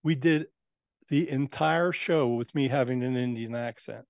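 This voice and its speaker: A man's voice: mid-range voice, measured pace, dry recording, studio quality. A man who works as a spirit channeler, a guest on an interview show, telling his experiences in a casual, earnest, matter-of-fact way.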